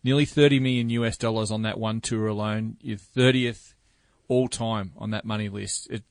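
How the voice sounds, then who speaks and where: A man co-hosting a golf podcast, asking enthusiastic, halting questions. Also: fairly low pitch, fairly even intonation, vocal fry, dry recording. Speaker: podcast co-host. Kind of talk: casual interview chat.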